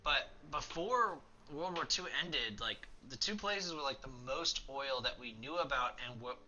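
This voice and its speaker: A man's voice: mid-range voice, expressive, measured pace, sharp tone, highs cut off, a little hiss or hum. A young man hosting a let's play, chatting casually and rambling through history with lots of fillers. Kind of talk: casual gameplay commentary.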